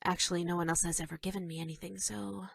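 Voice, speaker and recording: An actress voicing an obsessive yandere schoolgirl for a dating game, shy and stammering with flashes of dark menace. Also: on the low side, flat delivery, fast talker, gravelly, breathy edge, no echo, clean studio sound. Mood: shy adoring. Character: obsessive yandere schoolgirl, sweet but creepy. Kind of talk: scripted game voice lines.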